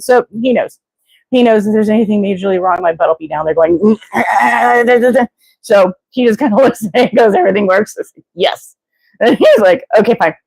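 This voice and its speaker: A woman's voice: mid-range voice, a little mellow, dry recording. A woman hosting a casual livestream, rambling and digressing with many fillers and restarts, now and then acting out quoted voices. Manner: acts out quoted voices with exclamations. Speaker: livestream host.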